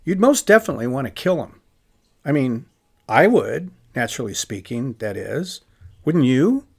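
A man's voice: a little high, vocal fry. A man giving a scripted lecture on the Gospels, emphatic and full of rhetorical questions.

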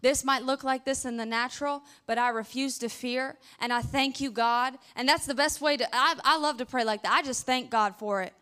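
A young woman preaching in a church meeting, high and clear in voice. She is lively and animated, acting out frantic prayers and stories as she goes. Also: moderate pace, few pauses. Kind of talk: sermon.

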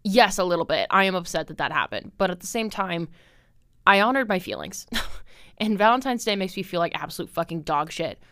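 A woman's voice: fairly low pitch, animated, brisk, a bit bright, no echo, studio quality. A young woman in her twenties hosting a casual solo podcast, chatty and candid, full of "like" and "um", swearing freely. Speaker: podcast host.

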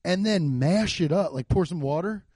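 A young man hosting a casual solo podcast, rambling and swearing, swinging from muttering to loud outbursts. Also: high-pitched, normal speed, breathy edge, no echo. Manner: loose, profane, rambling with frequent swearing; animated, jumps between muttering and loud outbursts. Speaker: podcast host. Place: home garage.

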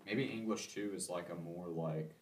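A man in casual chat, reacting to a music video with easy laughter and animated comments. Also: low-pitched, moderate pace, husky.

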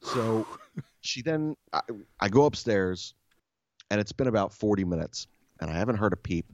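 A man casually telling a story as a podcast host, animated and exasperated, swearing often. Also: fairly low pitch, normal speed, no room sound.

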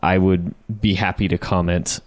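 A man's voice: low-pitched, little pitch movement, normal speed, no echo, studio quality. A man co-hosting a casual chat, making playful jokes and guesses. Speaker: podcast co-host.

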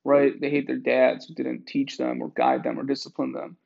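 A man hosting a podcast in a rambling monologue, swearing often and digressing in an animated way. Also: medium pitch, normal speed, gravelly, lo-fi sound. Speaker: podcast host.

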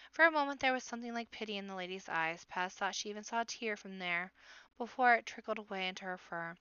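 A woman reading a children's novel aloud in an expressive storybook manner. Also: medium pitch, fast, clean tone, dry recording, highs cut off.

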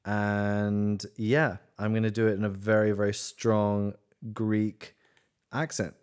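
A man co-hosting a casual podcast. His voice sits on the low side. He talks in a relaxed, easygoing way. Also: takes it slowly, smooth. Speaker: podcast co-host. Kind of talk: casual chat.

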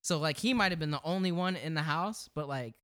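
A young man telling a story in casual chat, animated and slangy, swearing freely and laughing as he goes. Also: fairly high pitch, a little fast.

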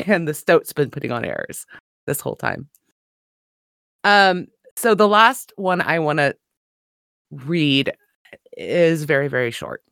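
Lively laughing woman podcast host. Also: low-pitched, slow, creaky, long pauses, no room sound, studio quality. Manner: laughs often, animated and enthusiastic. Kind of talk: casual book discussion.

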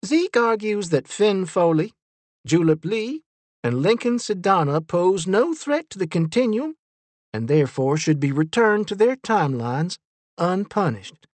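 A man's voice: high-pitched, very animated, darkish tone, dry recording, pitched above the performer's own voice. A man voicing Miss Ellie, a stern, formal woman who presides over a vote, in a storybook reading. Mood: cold. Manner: formal, cold, measured. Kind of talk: storybook character voice.

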